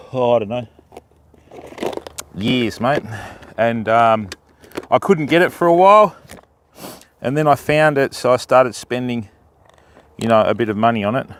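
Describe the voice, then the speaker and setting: Chatty Australian man livestreaming outdoors. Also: mid-range voice. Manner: greets viewers by name, chatty and matey. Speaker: fishing livestreamer. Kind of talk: casual livestream chat. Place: riverbank outdoors. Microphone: phone.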